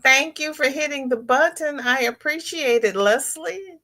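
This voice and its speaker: A woman's voice: high voice, unhurried, background noise. A middle-aged woman hosting a casual livestream, greeting viewers by name and reading out their chat comments. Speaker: livestream host.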